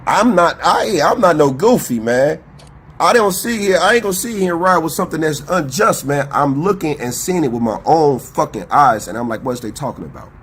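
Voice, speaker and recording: A man's voice: on the high side, animated, normal speed, a bit bright, breathy edge. A man co-hosting a podcast, ranting in a profane, confrontational, emphatic way. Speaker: podcast co-host. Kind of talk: heated casual commentary.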